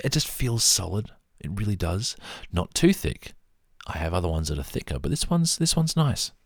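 Low gravelly aussie guy rambling on in a dry close room, bit husky. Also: no echo. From Australia. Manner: chatty, rambling, self-deprecating asides. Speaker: vlogger. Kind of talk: casual show-and-tell monologue.

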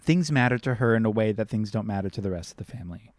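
A man in casual conversation about a film, relaxed, often acting out characters' lines. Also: on the low side, fast talker, no echo, studio quality.

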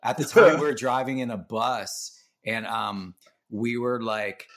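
A man's voice: mid-range voice, unhurried. A man, a band member, telling road stories casually on a podcast, laughing often and swearing freely. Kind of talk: casual storytelling.

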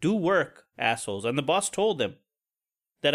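A man's voice: a little high, sing-song, normal speed, a bit bright. A man hosting a solo podcast, venting about work in an angry, profane, pessimistic way. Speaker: podcast host. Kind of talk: casual solo podcast rant.

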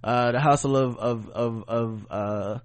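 A man co-hosting a podcast in casual chat. He speaks bluntly, swears freely and gets animated. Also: medium pitch, unhurried. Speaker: podcast co-host.

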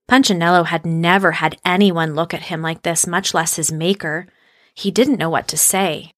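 In a lowish voice at normal speed, a woman narrates a children's storybook with expressive, storyteller delivery. The studio-quality recording has no room sound.

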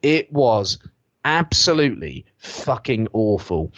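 A man's voice: mid-range voice, slow, no echo, highs cut off. A British podcast host rants from his sofa, sarcastic and foul-mouthed. His voice leaps up and down with exaggerated disbelief. The sound is dry and close. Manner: sarcastic, expressive, swears freely. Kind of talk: casual ranting chat. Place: at home on a sofa.

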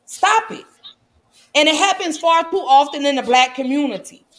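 A woman's voice: high voice, normal speed, fairly bright tone. A mother giving impassioned, preachy commentary in a casual, colloquial way. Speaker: vlogger and mother.

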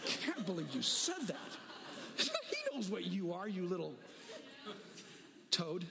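A man preaching in a large reverberant hall, his voice sitting high and swinging widely in pitch. He tells stories with quick changes of voice and presses his listeners with dares. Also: creaky. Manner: animated storytelling, shifting voices for quotes, daring the listeners. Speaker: pastor. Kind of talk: sermon.

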